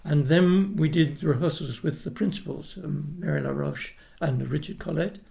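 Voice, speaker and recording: An older Australian man with a gravelly, creaky edge to a slightly high voice. He tells long, wandering stories in a relaxed interview, doubling back and restarting as he goes, and slips into the voices of the people he remembers. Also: normal speed. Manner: rambling anecdotes with restarts, acts out quoted voices. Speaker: guest, retired opera tenor. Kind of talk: casual storytelling interview.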